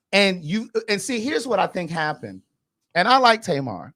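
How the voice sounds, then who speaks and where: A man's voice: high-pitched, huge pitch swings, moderate pace, sharp tone. A man hosting a casual gossip commentary, blunt and sassy, swearing freely. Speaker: host.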